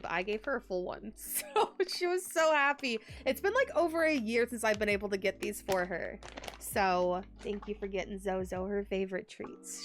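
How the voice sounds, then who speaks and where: A young woman from Texas streaming a game from home, chatting warmly and answering her viewers. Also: mid-range voice. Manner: chatty and warm, reads and answers chat. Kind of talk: casual live-stream chat.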